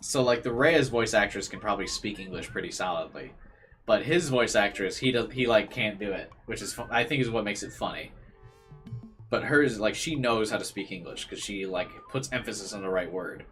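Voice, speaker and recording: Casual streamer, low-ish male voice, amused commentary over game audio. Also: lively intonation, fairly quick, fairly bright tone, slight background noise. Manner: chatty, amused, reads game text aloud. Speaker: streamer reading a visual novel.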